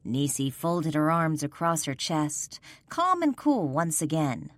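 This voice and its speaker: A woman narrating a paranormal romance audiobook in a measured, expressive storytelling manner. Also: sits low, dry recording, clean studio sound. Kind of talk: scripted narration.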